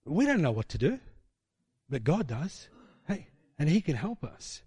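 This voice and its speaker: A man's voice: a little high, big pitch swings, unhurried, a little mellow, husky, no room sound, clean studio sound. A middle-aged man preaching, telling a personal testimony in a rambling, conversational way with frequent tag questions. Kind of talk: sermon testimony storytelling.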